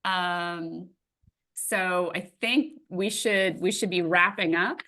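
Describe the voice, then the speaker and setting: Female interviewer with a bright, crisp voice, brisk friendly questions. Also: lowish voice. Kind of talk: casual conversation.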